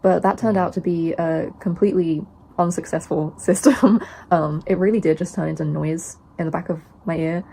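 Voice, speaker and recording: A woman co-hosting a podcast, telling a story in a dry, deliberate manner during casual chat. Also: lowish voice, steady tone, gravelly, mellow, slight background noise. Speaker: podcast co-host.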